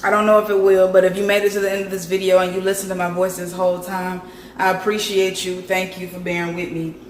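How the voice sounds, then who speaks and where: A woman vlogger with a raspy, hoarse voice from a sore throat, chatting straight to her viewers. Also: lowish voice, completely flat delivery, fast talker, reverberant, slight background noise. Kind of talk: casual vlog chat.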